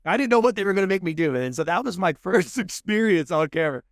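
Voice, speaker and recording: A man in his thirties with a Texan accent, a podcast guest telling his story in a casual, animated way and acting out the people he quotes. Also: high voice, fast, no echo, studio quality. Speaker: podcast guest, food show host. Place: podcast studio.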